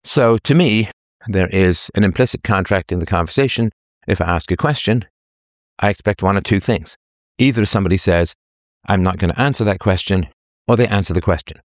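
A man's voice: deep voice, a little fast, no room sound, studio quality. A middle-aged man hosting, reading out listener questions and answering in an emphatic monologue, acting out quoted dialogue as he goes. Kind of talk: casual monologue.

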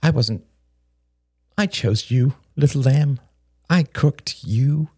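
A man reading an audiobook, voicing a jittery, brash young woman who rambles fast and sardonically. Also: mid-range voice, darkish tone, slightly rough, dry recording, studio quality. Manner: rapid, restless, sardonic rambling.

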